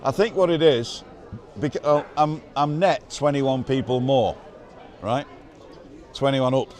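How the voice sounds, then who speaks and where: A man hosting a livestream, briskly reading out viewer names and comments in casual banter. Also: mid-range voice, a little mellow. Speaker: livestream host reading chat. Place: outdoors at a busy bar. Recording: outdoor livestream with crowd noise. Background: crowd chatter.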